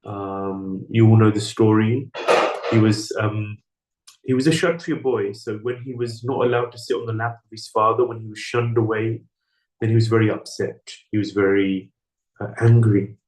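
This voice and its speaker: In a temple hall with echoey acoustics, a man gives a scripture class, telling a story sermon-style in a steady, darkish voice at normal speed. He acts out the characters' lines, raising his pitch for the dialogue.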